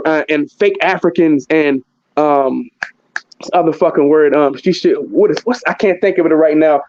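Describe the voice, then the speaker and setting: A man's voice: on the high side, darkish tone, dry recording, muffled recording. A man hosting, talking in a blunt, profane, heated way and often repeating himself. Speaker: host. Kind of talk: heated casual commentary.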